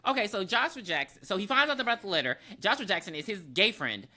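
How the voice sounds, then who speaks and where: A man recapping a film on a podcast in loose, casual chat. His voice is bright and lively, swinging up and down as he slips into quick impressions of the characters. He laughs easily as he goes. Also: high-pitched. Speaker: podcast co-host.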